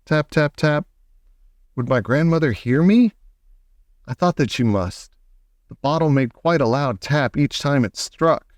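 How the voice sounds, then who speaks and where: A male audiobook reader narrating a children's storybook in a measured, expressive way. His voice sits at an ordinary middle pitch for a man. The recording is close and dry, with no room sound. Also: no room sound.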